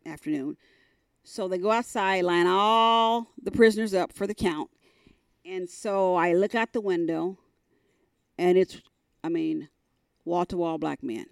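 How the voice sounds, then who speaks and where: A middle-aged woman speaks as a podcast guest, candid and emphatic, her voice surging upward when she relives a story. Her voice sits low for a woman. The sound is dry and close. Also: creaky, no echo. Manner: emphatic, animated, voice climbs high when retelling. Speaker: sports team executive, podcast guest.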